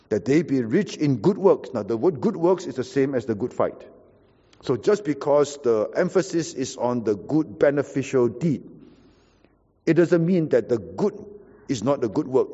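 A pastor preaching a sermon, explaining scripture and repeating key words for emphasis. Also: male voice, medium pitch, mellow, in a large hall, lo-fi sound.

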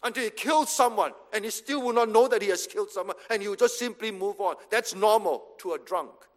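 High-voiced man preaching in echoey hall. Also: a little fast. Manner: emphatic, repeats short commands. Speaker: pastor. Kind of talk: sermon. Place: church hall. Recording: reverberant hall.

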